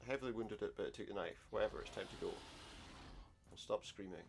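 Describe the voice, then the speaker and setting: Male gamer, deep and a bit gravelly, wry casual commentary over soft game music. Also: quick pace. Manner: wry, sarcastic asides. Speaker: let's play gamer. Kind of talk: casual game commentary, reading game dialogue aloud.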